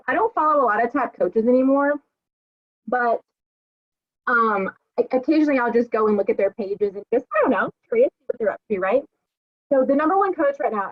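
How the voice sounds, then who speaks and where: A woman in her thirties, a coach hosting a group call, talking in a candid, profane way with lots of fillers. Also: a little high. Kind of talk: casual motivational talk. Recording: dry, tinny phone-like call audio.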